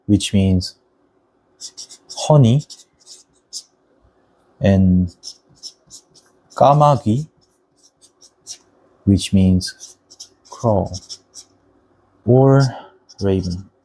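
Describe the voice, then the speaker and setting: A young man, a native Korean speaker, talks through a language lesson at a very slow, deliberate pace. His voice is mellow and fairly low, and he carefully models each word before explaining it. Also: husky, rough recording. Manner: patient, deliberate, models Korean words slowly.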